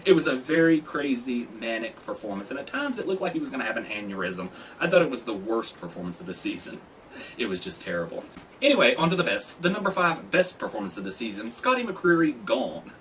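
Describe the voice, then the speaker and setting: Joking, animated male vlogger. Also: medium pitch, fairly quick, recorded from a distance, slight background noise, poor audio. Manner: joking, sarcastic, laughs often. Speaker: video blogger reviewing a TV singing contest. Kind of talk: casual chat.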